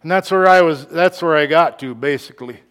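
Male pastor preaching, slightly raised voice, quiet reflection that turns to loud emphatic bursts. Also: fairly high pitch, fairly quick, in a large hall. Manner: laughs between lines. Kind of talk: sermon.

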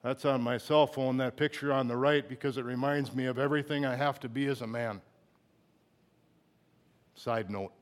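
A middle-aged man preaching a sermon, moving between quiet confiding talk and loud impassioned bursts, emotional at times. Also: medium pitch, fairly even intonation, moderate pace, pauses often. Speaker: pastor.

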